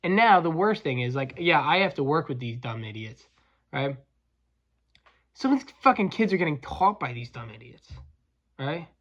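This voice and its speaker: A man's voice: fairly high pitch, sing-song, moderate pace, long pauses, a bit bright, lo-fi sound. A man hosting a podcast, ranting crudely and combatively with frequent stumbling restarts. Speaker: podcast host, welder. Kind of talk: profane comedic rant.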